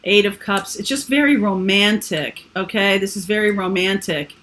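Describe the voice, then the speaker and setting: A woman's voice: mid-range voice, normal speed, a bit bright. A woman giving a casual, rambling tarot reading full of fillers and asides. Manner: chatty, rambling, with frequent fillers. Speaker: tarot reader.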